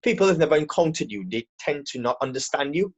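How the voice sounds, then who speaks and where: A man's voice: a little high, animated, fast talker. A man speaking as an interview guest in a casual, hesitant way, often repeating words as he gathers his thoughts. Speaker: guest, air force electrical technician.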